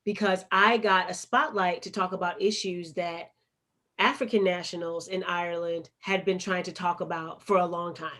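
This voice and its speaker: A woman's voice: fairly low pitch, fairly even intonation, normal speed, a bit bright. A woman with a Chicago accent, a poet and activist telling her story as a guest in an interview, earnest and emphatic. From United States.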